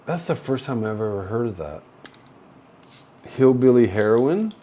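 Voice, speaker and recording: A man from Canada hosting a casual livestream from a hospital room, rambling slowly with many fillers, drowsy and slurring from painkillers. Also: mid-range voice, animated, warm tone. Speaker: livestream host. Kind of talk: casual livestream chat reading viewer comments.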